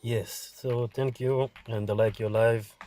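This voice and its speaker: A man's voice: mid-range voice, fairly even intonation, slow, warm tone. A man from Israel calling in to a debate stream, asking questions hesitantly and politely. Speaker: caller.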